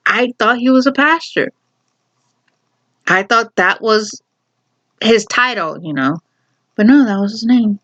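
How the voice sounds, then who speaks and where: A woman from Chicago telling a family story in casual vlog style, animated and laughing, often correcting herself mid-sentence. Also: mid-range voice, moderate pace. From Chicago, USA. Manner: animated, laughing, self-correcting, acts out quotes. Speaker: vlogger. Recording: dull lo-fi recording.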